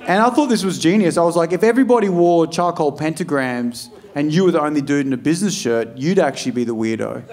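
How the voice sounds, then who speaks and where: On a comedy club stage before a live audience, an Australian stand-up comedian tells stories in a loose, profane, animated way, acting out what people said. His voice is a little high and he talks quickly with few pauses. The crowd is audible, and laughter comes through in the background.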